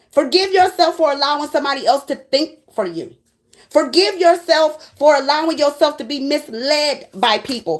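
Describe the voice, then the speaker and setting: Black woman preaching at her viewers, high voice, cussing, blunt and fired up. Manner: blunt, profane, preachy and animated. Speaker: tarot reader. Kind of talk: spiritual pep talk to viewers.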